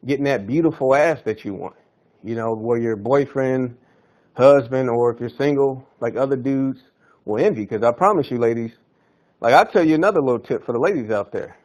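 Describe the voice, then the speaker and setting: A man's voice: mid-range voice, brisk, darkish tone, highs cut off. A man hosting a fitness podcast, talking in a loose, slangy, hyped-up coaching style. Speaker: podcast host. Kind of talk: casual fitness podcast monologue.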